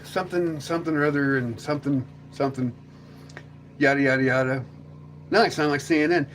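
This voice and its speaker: A man's voice: on the high side, brisk, fairly bright tone, slight background noise. A man hosting a casual livestream chat, rambling and joking, often slipping into silly voices. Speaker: livestream host.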